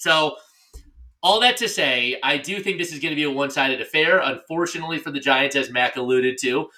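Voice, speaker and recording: A man's voice: mid-range voice, sharp tone. A man co-hosting a podcast in casual chat, joking and ranting. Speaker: podcast co-host.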